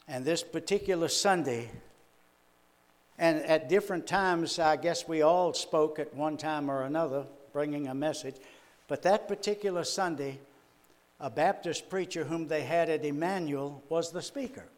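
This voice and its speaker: A man's voice: a little high, normal speed. An older man, a minister preaching a sermon in a folksy, chuckling, storytelling way. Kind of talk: sermon with personal stories.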